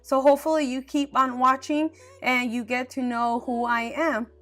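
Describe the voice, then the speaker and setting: A woman's voice: sits high, fairly even intonation, normal speed, fairly bright tone, soft background music. A young woman from Arizona chatting casually in a get-to-know-me Q&A, candid and chatty with frequent fillers. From Arizona, USA. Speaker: beauty vlogger.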